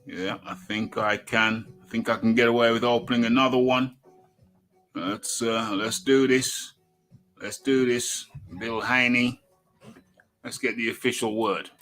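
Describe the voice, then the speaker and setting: Hosting a casual boxing talk livestream, a man rambles to himself, reads an article aloud, and refers to himself by name in the third person. His medium-pitched voice is steady, unhurried, and fairly bright, with soft music in the background.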